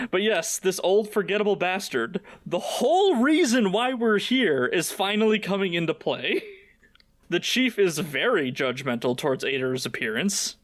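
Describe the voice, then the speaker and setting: Brief: male host, animated pitch swings, dry close mic, laughs a lot, crude jokes. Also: measured pace, dry recording. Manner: laughs often, acts out quotes; profane, joking. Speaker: podcast host. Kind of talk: casual recap chat.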